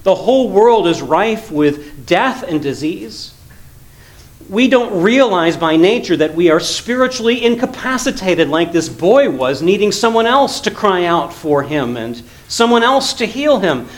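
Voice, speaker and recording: High-voiced male pastor preaching earnestly. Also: big pitch swings, unhurried, rough recording. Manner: earnest preaching, swells loud then drops to quiet low tones. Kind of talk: sermon.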